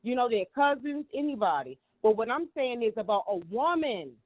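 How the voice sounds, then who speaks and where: A woman's voice: a little high, very animated, moderate pace. A woman giving heated, emphatic commentary, repeating herself and cursing freely. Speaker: guest commentator. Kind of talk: casual commentary. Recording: tinny phone line.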